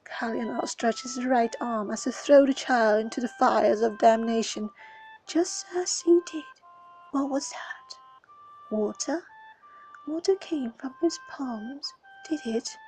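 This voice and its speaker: A woman reading a fantasy story aloud in a breathy, dramatic whisper. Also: a little high, slow pace, darkish tone, faint music behind, poor audio. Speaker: reader.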